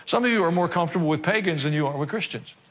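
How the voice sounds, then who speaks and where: Pastor preaching in a reverberant hall. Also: male voice, fairly high pitch, expressive, rapid-fire, a bit bright. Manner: wry asides, acting out quoted voices. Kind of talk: sermon. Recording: long reverb of a large hall.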